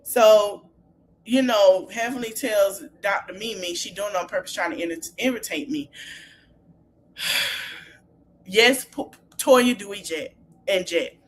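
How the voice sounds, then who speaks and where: Laughing, animated woman recapping a show. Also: medium pitch, a little slow, long pauses, slight background noise. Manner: animated, laughs often while retelling scenes. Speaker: podcast host. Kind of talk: casual reality TV recap.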